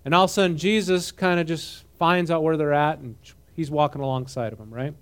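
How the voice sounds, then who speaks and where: A man with a fairly high speaking voice leads a conversational sermon. He moves between reading scripture and lively comments of his own, often checking in with his listeners. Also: fairly quick, smooth. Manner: animated, asks the audience questions, mixes reading with comment. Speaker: preacher teaching a Bible passage.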